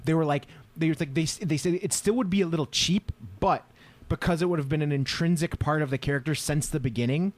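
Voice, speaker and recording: A man's voice: fairly high pitch, fast talker, no echo. A man co-hosting a casual gaming podcast, rambling with many restarts, fillers and swearing. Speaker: podcast co-host. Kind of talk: casual chat.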